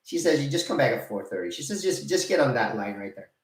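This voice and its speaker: A retired man in his fifties telling a casual, animated story, laughing, cursing and acting out both sides of an argument. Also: medium pitch, fast. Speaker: retired vlogger. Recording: roomy, mic set at a distance.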